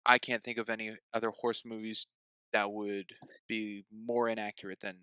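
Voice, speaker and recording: A man with a bright, clear voice co-hosts a casual film chat in an easygoing, teasing way. The recording is dry and close. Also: on the low side, level tone, normal speed, no room sound. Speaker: podcast co-host.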